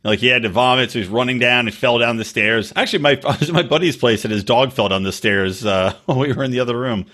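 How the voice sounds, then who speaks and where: A man's voice: medium pitch, fast, few pauses, pushed and bright. A middle-aged man co-hosting a podcast, rambling through crude anecdotes and laughing often in casual chat. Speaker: podcast co-host.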